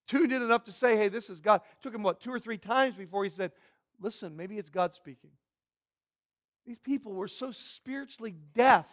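Male pastor, higher voice, dynamic sermon delivery from hushed to booming. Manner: dynamic preaching, swinging from hushed to loud and emphatic.

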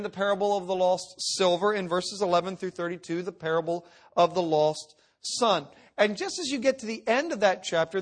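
A middle-aged man preaching a sermon, swinging from loud emphatic reading to hushed, intense asides. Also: high voice. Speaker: pastor.

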